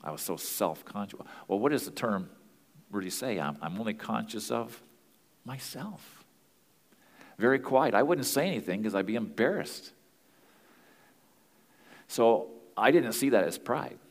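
A man's voice: lowish voice, lively intonation, a little slow, creaky, long pauses, in a large hall. A man teaching as a pastor and marriage counselor, earnest and plain-spoken in a conversational way.

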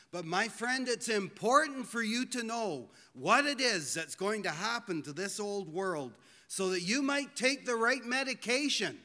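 A man preaching a sermon in a church, earnest and pleading, slowing down to stress his points. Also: sits high, sharp tone. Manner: earnest, pleading, slows for emphasis. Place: church hall. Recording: long hall reverb.

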